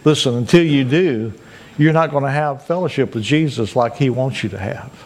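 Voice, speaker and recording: A man's voice: mid-range voice, moderate pace, a little mellow. A male pastor preaching a sermon, earnest and repeating his points to urge listeners. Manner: earnest, repetitive exhortation.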